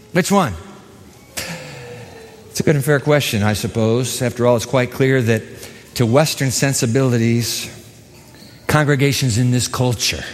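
A man preaching a sermon as pastor, dramatic and emphatic, acting out the voices in the story. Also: mid-range voice. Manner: dramatic, acts out quoted voices, lively emphasis. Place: church hall. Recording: long hall reverb.

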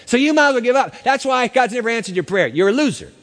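A man's voice: very high voice, expressive, quick pace, in a large hall, voice pushed up. A man voicing a sneering male devil who taunts and mocks his listener. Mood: taunting. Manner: mocking, jeering, repetitive taunts.

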